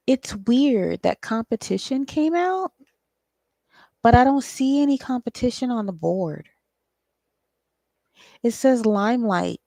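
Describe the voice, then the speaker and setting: A woman's voice: fairly high pitch, expressive, slow, vocal fry, long pauses, warm tone, no echo. A woman giving a casual solo tarot reading, thinking aloud in a loose, profane way with frequent ums. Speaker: tarot reader and psychic channeler.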